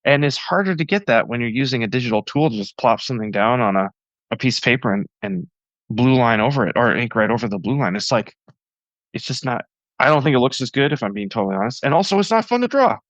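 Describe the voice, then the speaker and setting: A man's voice: mid-range voice, animated, quick pace, fairly bright tone, dry recording. An enthusiastic man, a podcast guest, who rambles with plenty of fillers. His voice sits in an ordinary middle range. The sound is dry and a little dull, like lo-fi remote audio. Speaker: guest cartoonist. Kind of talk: casual podcast interview.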